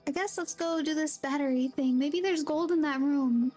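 A woman's voice: high voice, normal speed, a little mellow, faint music behind. A woman livestreaming a game, chatting casually and thinking aloud, a little drowsy and yawny. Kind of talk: casual gameplay chat.

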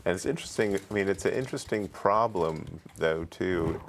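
A man's voice: deep voice, normal speed, vocal fry, slight background noise. A man on a community TV talk panel, thinking aloud in a casual, thoughtful way. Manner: thoughtful, reasons aloud with restarts. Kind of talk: casual talk show discussion. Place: community access TV studio.

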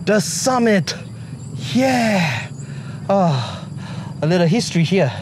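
A man's voice: high-pitched, very animated, slow, music in the background. A man talking to his viewers while hiking outdoors, out of breath, joking and complaining as he climbs. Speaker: vlogger. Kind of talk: casual hiking vlog. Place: outdoors on a forest trail.

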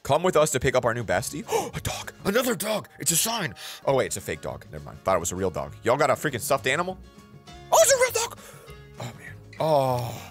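A man's voice: medium pitch, fast, hardly any pauses, soft background music. A young man hosting a reaction video, chatting casually and jokingly straight to his viewers. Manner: animated, jokey, talks straight to viewers with slang.

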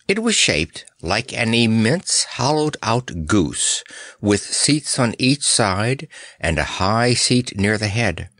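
A man reading a children's story aloud in an expressive, animated way. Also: fairly low pitch, no echo, clean studio sound. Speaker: audiobook narrator. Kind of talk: storybook narration.

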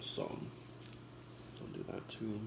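A man in his twenties chatting casually in slang while eating on camera, swearing freely. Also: slow pace. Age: 20s. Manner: laid-back slangy talk with frequent swearing; talks between bites while eating. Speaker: vlogger. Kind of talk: casual mukbang chat. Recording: echoey room with noise.

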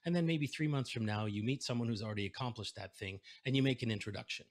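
This man talks fast in a medium-pitched voice while delivering a keynote over a video call. Working from a home setup with a desk microphone, he tells a story energetically and voices each person he quotes.

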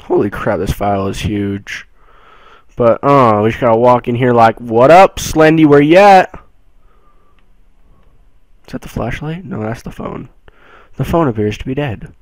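A man's voice: medium pitch, moderate pace, dry recording, rough recording. Jumpy young man playing a horror game. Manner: jumpy, excitable, swings from mumbling to yelling. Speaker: gameplay streamer. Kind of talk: casual gameplay commentary.

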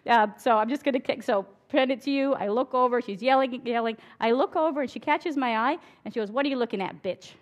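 Chatty woman speaker, fairly high voice. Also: brisk, few pauses. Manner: chatty, candid, laughs at her own stories. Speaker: emergency physician and speaker. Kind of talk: conference talk with stories. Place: conference hall before an audience.

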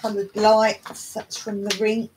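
A woman's voice: mid-range voice, little pitch movement, slow pace, a little mellow, slight background noise, poor audio. A middle-aged woman from England, hosting a casual live chat, talking in a chatty way, reading aloud and singing snatches of songs. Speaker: livestream host.

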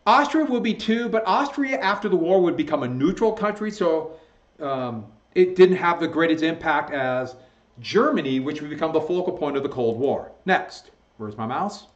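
Teaching history over slides in a recorded lecture, this man sounds animated, on the high side, and speaks at normal speed. He keeps it conversational, correcting slips as he goes and chuckling at them, in an echoey room with dull lo-fi audio.

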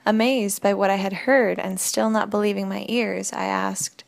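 Female audiobook narrator, mid-pitched, faintly gravelly, steady first-person reading. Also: normal speed, hardly any pauses.

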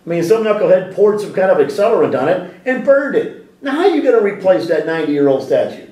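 Speaking fast in a slightly high voice, a male interview guest is lively and talkative, restarting his thoughts and asking rhetorical questions. His seated interview takes place in a library room, where the distant mic leaves an echo.

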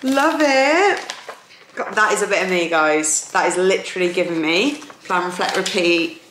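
A woman's voice: on the low side, animated, normal speed, a bit bright. A young woman chatting casually to camera as a vlogger, bubbly with lots of fillers. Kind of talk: casual chat. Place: home, indoors and out walking. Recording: roomy echo, faint noise.

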